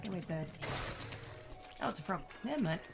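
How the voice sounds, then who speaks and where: Woman, game streamer, lively up-and-down voice, chatty and excitable, game music underneath. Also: fairly low pitch, brisk, vocal fry. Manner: excitable, squealing at her cat and chat, talking to herself. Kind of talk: casual gameplay livestream chatter.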